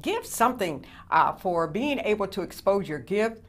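A woman's voice: medium pitch, very animated, moderate pace. A woman who hosts a Christian network show, earnestly urging her past guests to give, with many hesitations. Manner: earnest pleading, with many "uh" fillers and affirmations. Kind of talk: telethon appeal.

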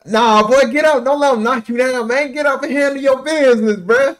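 A man hosting a movie reaction, excitable and full of slang, laughing along. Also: very high-pitched, measured pace. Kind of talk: casual reaction commentary.

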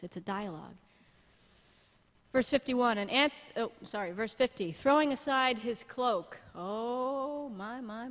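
A woman pastor preaching a sermon in a church, lively and humorous, with asides to the congregation. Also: a little high, in a large hall. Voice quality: blind, jokes about herself.

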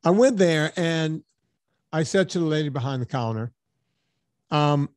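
Speaking unhurriedly with frequent pauses, this podcast host has a voice on the high side. He spins a story casually, animated, acting out the dialogue, and drops in the odd swear word, all recorded in clean studio sound without room sound.

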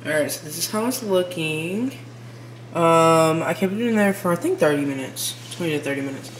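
A woman's voice: sits low, moderate pace. Chatty young woman vlogging at home. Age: 20s. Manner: relaxed, chatty, addresses viewers as "y'all". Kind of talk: casual vlog chat. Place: home kitchen and living room. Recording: echoey room with background noise.

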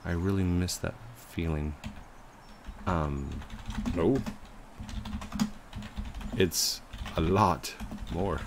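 A man in his thirties, a father, giving casual, chatty commentary over his gameplay. He laughs often and bursts into high, excited yells. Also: extremely slow, pauses often, background noise. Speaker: gaming YouTuber.

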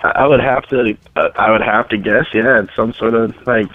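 A man's voice: mid-range voice, fairly even intonation, normal speed, no echo. A man calling in as a guest, laid-back and laughing, swearing casually. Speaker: guest musician on phone. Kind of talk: casual chat. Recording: noisy phone line.

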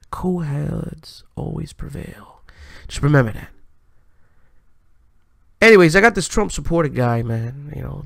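This is a man hosting a commentary stream, and his voice has a gravelly, fry-laden edge. He speaks in a preachy, emphatic way, as if lecturing his audience. The sound is dry and close, with no room echo. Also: medium pitch. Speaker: live-stream host. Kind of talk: commentary vlog.

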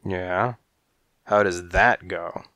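A man reading an audiobook and voicing a tough, hot-tempered male street cat, gruff and irritable. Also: deep voice, fairly even intonation, extremely slow, pushed and bright, dry recording, full character voice. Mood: irritated. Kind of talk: audiobook character voice.

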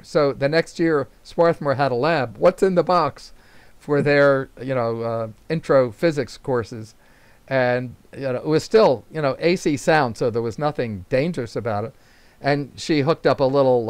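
A man's voice: mid-range voice, smooth, no room sound. An older man, a retired teacher, telling casual rambling anecdotes at a club meeting, chuckling and using fillers. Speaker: invited speaker.

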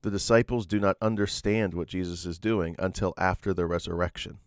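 A man's voice: deep voice, fairly even intonation, fairly quick, dry recording, clean studio sound. A man preaching a sermon, earnest and explanatory, often restarting his sentences with fillers. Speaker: pastor.

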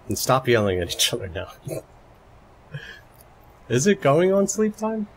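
A man's voice: fairly low pitch, sing-song, normal speed, pauses often, slight background noise. A man doing live gameplay commentary at home, chatty and muttering to himself, now and then bursting into playful shrieks. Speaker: video game live streamer. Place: home room, roommate asleep nearby.

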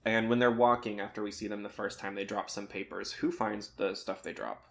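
A man's voice: lowish voice, steady tone, a little fast, gravelly. A man co-hosting a podcast in casual chat, rambling and sometimes losing his train of thought. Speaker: podcast co-host.

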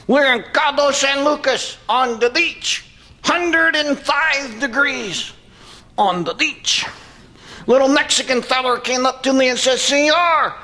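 A man's voice: extremely high pitch, pushed and bright, full character voice. A man voicing a brash, cheeky redneck puppet who hollers and whoops, with a Southern US accent. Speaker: ventriloquist's dummy. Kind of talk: stand-up ventriloquist act. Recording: noisy comedy club.

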